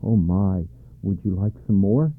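Storybook: male reader doing a bashful, flustered cook, lowish, thin dry sound. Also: animated, unhurried, slightly rough, no echo, full character voice. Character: shy, cold male restaurant cook. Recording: dry tinny narrow-band sound.

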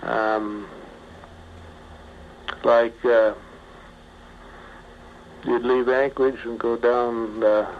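An older man, a former pilot, slowly telling his memories in an interview, with many pauses and fillers. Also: medium pitch, level tone. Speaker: retired bush pilot. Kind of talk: oral history interview. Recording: muffled archival tape with faint hiss.

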